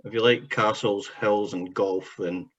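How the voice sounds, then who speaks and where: A man hosting an online chat show, reading viewer questions to his guests in a relaxed way. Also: lowish voice, measured pace. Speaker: host. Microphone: video call. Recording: dull lo-fi video call audio.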